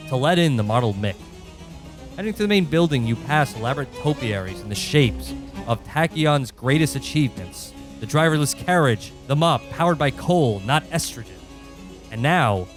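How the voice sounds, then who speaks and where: A man narrating a comedic tabletop game as game master, in a deadpan way that keeps breaking into laughter. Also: mid-range voice.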